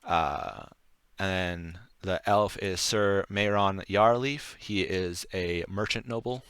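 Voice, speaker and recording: A man running a tabletop game as game master, narrating the scene in a relaxed, rambling way with frequent pauses and fillers. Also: sits low, clean tone, no echo, studio quality. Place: home setup on stream.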